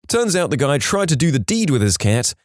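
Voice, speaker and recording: A man reading funny medical stories aloud in a wry, lively storytelling manner, with quoted voices. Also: a little high, a little fast, no echo, studio quality. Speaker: narrator.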